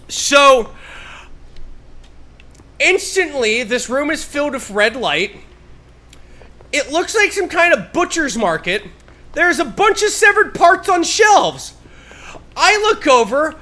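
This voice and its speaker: High bright-voiced guy rambling thru a story on stream, lots of um and swearing, faint noise behind. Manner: swears freely, rambling with many fillers, grows loud and animated. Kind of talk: casual storytelling on a live stream.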